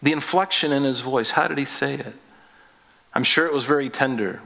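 A male pastor delivering a casual, conversational sermon. He is folksy and a little jokey, talking to the congregation like friends. On key points his voice climbs higher and presses harder. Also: a little fast, creaky, bright, forceful tone. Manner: folksy, jokey, rising in pitch and force on emphatic points.

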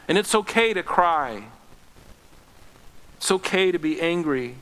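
A man preaching a sermon as pastor, earnest, swinging from impassioned pleading to low, gentle tones. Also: long reverb tail.

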